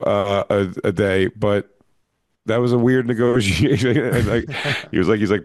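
Low-voiced man telling rambling stories. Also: moderate pace, darkish tone, no room sound, studio quality. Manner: rambling anecdotes with crude language, acting out quoted voices. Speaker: comedian and podcast co-host. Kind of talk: casual storytelling chat.

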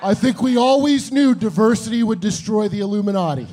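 A man's voice: high voice, expressive, brisk, warm tone. A man doing crude, provocative comedic banter on a live podcast at an event venue. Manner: brash, provocative, joking. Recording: live room with audience noise.

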